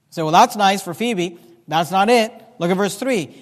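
A man's voice: high voice, a little fast. A man preaching a sermon as pastor, reading scripture aloud with rising emphasis. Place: church sanctuary. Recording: reverberant church hall.

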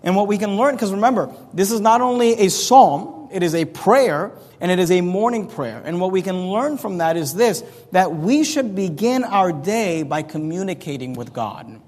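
A man's voice: sits high, animated, moderate pace, few pauses, darkish tone. A man preaching a sermon as pastor, explaining scripture in an earnest, plain-spoken way with frequent restarts. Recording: long reverb of a large hall.

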